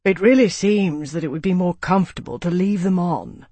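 A dignified aging lord speaks in formal, wryly understated phrases, as a man reads him. His voice is soft and even, recorded dry and close. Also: sits high, normal speed, slightly rough, no echo. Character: aging male ruler, wry and dignified.

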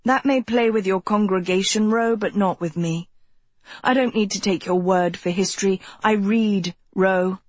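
A woman's voice: mid-range voice, normal speed, no room sound, natural voice. A woman voicing a curt, defiant young woman. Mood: scornful. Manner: curt and scornful.

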